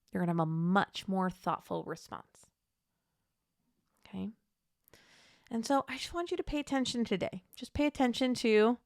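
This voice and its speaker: A woman hosting a podcast, coaching mothers in an encouraging, gently reassuring teaching monologue. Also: medium pitch, no echo, clean studio sound. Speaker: podcast host and Catholic mom coach.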